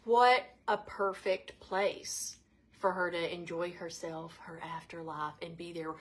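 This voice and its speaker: A woman's voice: on the low side, steady tone, slow pace, slightly rough. A woman co-hosting a casual chat, talking with enthusiasm. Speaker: co-host.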